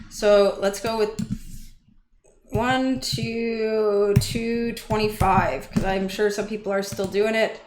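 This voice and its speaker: A woman's voice: mid-range voice, steady tone, slow pace. A woman hosting a casual livestream, chatty and easily flustered as she talks to her chat and counts entries aloud. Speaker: livestream host. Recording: echoey room with faint noise.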